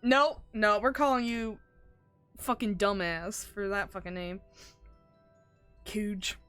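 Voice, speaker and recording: A woman's voice: mid-range voice, takes it slowly, fairly bright tone, smooth, dry recording, faint music behind. Joking, profane woman streamer. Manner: joking, profane, blurting reactions. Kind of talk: casual live gameplay chat.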